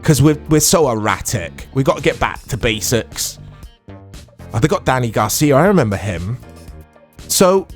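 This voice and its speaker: A man in his thirties casually commentating his own football video game, chatty and quick to get excited. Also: medium pitch, faint music behind. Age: 30s. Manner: chatty, easily excitable, self-deprecating. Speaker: gaming YouTuber.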